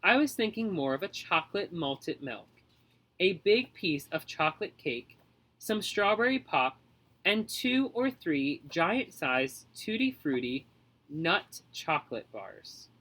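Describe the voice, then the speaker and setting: A man's voice: fairly high pitch, very animated, takes it slowly, bright, forceful tone, heavily acted, rough recording. A man voicing a whiny, pampered nine-year-old boy who wails and pities himself. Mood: wheedling. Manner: wailing, self-pitying.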